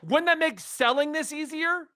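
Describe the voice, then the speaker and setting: A man hosting a casual podcast chat, speaking in an excitable, emphatic way. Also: very high voice, moderate pace, no echo, studio quality. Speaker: podcast host.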